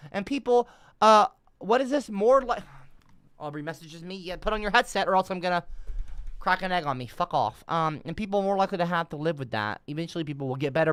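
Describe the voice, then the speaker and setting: A man doing rambling, sarcastic livestream commentary, cursing often, trailing off mid-sentence and swinging between mumbles and loud outbursts. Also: on the high side, smooth, no echo.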